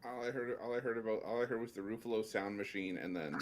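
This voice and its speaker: A man's voice: fairly low pitch, fast talker, a little hiss or hum. A man co-hosting a sports betting show, joking and laughing through loose banter. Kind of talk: casual sports betting chat.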